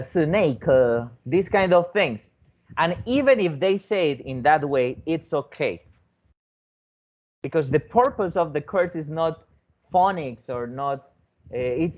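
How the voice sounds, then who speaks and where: On a recording with the highs cut off, a man whose voice is on the high side leads a teaching demonstration. He is a foreign teacher training teachers, repeating words, restarting often, and regularly checking with a rising "okay?".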